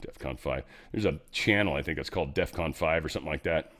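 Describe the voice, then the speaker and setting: A man's voice: extremely low pitch, quick pace, a bit bright. A man hosting a casual news commentary show, rambling and sarcastic, swearing now and then and slipping into mock voices. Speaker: host.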